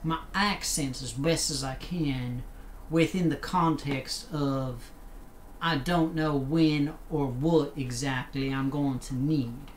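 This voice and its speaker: A chatty man streaming a game, upbeat and thankful toward his viewers. He rambles through asides at a middling pitch, with faint noise behind him. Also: steady tone, takes it slowly. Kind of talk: casual live game commentary.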